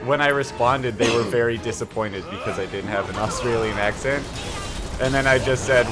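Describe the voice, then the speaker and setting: A man's voice: medium pitch, normal speed, music in the background. A man co-hosting a let's-play, chatting casually and rambling through a story with many fillers. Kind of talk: casual chat while gaming.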